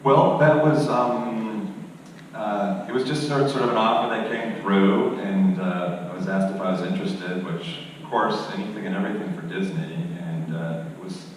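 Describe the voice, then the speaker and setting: A man's voice: lowish voice, moderate pace. A man in his fifties telling laid-back, self-deprecating stories as a convention panel guest. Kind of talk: relaxed anecdotal storytelling. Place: large convention hall. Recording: distant, echoey hall with ambient noise.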